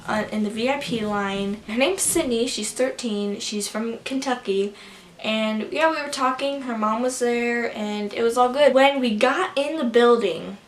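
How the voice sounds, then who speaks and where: A young woman vlogging a casual story, gushing and excitable, rambling with lots of fillers. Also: on the high side. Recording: roomy with faint background noise.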